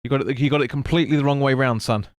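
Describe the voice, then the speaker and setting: A man's voice: mid-range voice, rapid-fire, no echo, clean studio sound. Sweary man commentating a stream. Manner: blunt, sweary, chatty with viewers. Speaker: football watch-along streamer. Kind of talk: live match commentary and chat reading.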